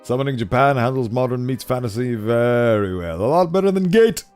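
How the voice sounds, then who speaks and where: A man streaming a game, chatting casually and animatedly, self-deprecating and quick to laugh. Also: medium pitch, lively intonation, a little mellow, smooth, soft background music. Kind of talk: casual commentary while playing.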